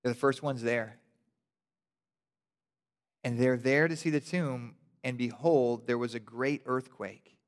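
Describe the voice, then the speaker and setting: A male pastor preaching a sermon, telling the story animatedly and building to loud, passionate emphasis. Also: mid-range voice, fairly even intonation, slow, long pauses. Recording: long hall reverb.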